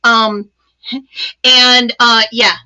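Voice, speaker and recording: Bright chatty woman crafting host. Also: a little high, drawn-out words, clean tone, muffled recording. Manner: chatty, excited, many ums and asides. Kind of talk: casual live crafting demo.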